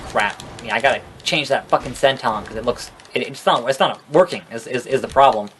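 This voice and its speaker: A man's voice: mid-range voice, brisk, fairly bright tone, a little hiss or hum. A young man casually commentating his wrestling video game playthrough, rambling, sarcastic and swearing at the characters. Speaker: gaming video host. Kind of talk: casual let's-play commentary.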